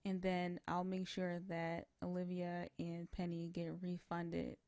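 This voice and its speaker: A woman's voice: fairly low pitch, monotone, takes it slowly, darkish tone, no echo. A young woman narrating a life-sim game in a casual, rambling way, full of fillers. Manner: rambling, heavy on fillers like "you know, like". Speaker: gameplay narrator. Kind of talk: casual let's-play narration.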